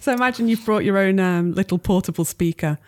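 A woman narrating as game master, relaxed and giggly. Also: medium pitch, quick pace, no echo, clean studio sound.

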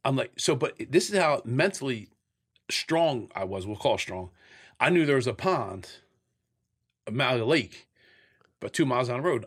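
Husky-voiced man telling blunt, profane stories. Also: medium pitch. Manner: profane, blunt, animated storyteller acting out scenes. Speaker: interview guest. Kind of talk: candid storytelling in a sit-down interview.

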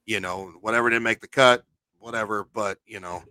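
Guy on a podcast, low-ish bright voice, dry close sound, tells stories and curses a bit. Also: a little fast, dry recording. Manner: animated, swears, tells anecdotes. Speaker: podcast co-host and paranormal investigator. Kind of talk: casual podcast chat.

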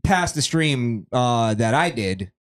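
A man's voice: mid-range voice, expressive, slow. A man co-hosting a podcast in casual chat, rambling loosely and laughing often. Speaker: podcast co-host.

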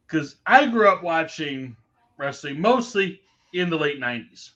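Playful podcast co-host, lively voice. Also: male voice, a little high, measured pace, highs cut off. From New York. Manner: playful, jokey banter. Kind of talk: casual chat.

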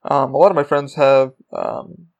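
A man's voice: mid-range voice, huge pitch swings, unhurried, creaky, a little mellow, highs cut off. A man hosting his own podcast, rambling casually about running a small business and swearing freely. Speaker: podcast host. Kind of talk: rambling solo podcast talk.

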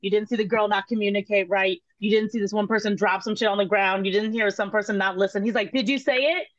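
A woman, a guest telling casual stories in an interview, animated and laughing, swearing and acting out quotes. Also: medium pitch, quick pace, dry recording, muffled recording. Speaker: guest, former cooking show contestant.

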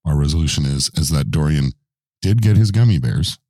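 A man's voice: very deep voice, lively intonation, brisk, dark tone, dry recording, studio quality. A man hosting a show, chatting casually and teasing his co-host with playful questions. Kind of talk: casual studio banter.

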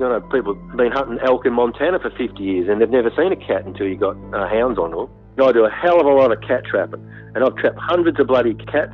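Australian man, husky tinny phone-line sound. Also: mid-range voice. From Western Australia. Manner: animated, blunt, with frequent fillers. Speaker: interviewee, hunter. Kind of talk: storytelling in an interview.

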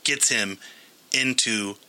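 A man with a very bright, forceful voice talks in a relaxed podcast chat. He tells a long story in an animated way, with plenty of ums and restarts. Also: mid-range voice, slow, low-quality recording. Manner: animated storytelling with many fillers. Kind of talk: casual chat.

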